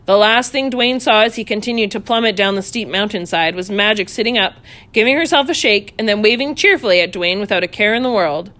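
A woman reading a children's story aloud, playful and animated, voicing sound effects as she goes. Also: mid-range voice, fairly quick.

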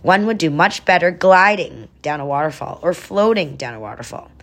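A woman's voice: lowish voice, expressive, moderate pace. A woman narrating a children's adventure story, adding chatty explanatory asides.

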